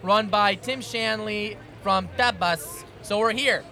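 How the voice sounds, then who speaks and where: A young man hosting a live podcast outdoors at a tailgate party, loud and joking. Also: sits high, takes it slowly. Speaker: podcast host.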